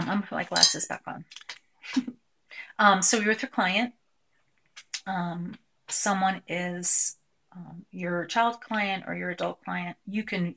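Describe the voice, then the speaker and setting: This woman speaks low, with a gravelly edge to her voice. She is presenting a workshop and walking a group through a technique step by step. She pauses often and leans on fillers as she goes. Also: a bit bright, slight background noise. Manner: hesitant, filler-heavy, demonstrates by voicing a client. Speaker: clinician presenting a tapping technique. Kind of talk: live workshop demonstration.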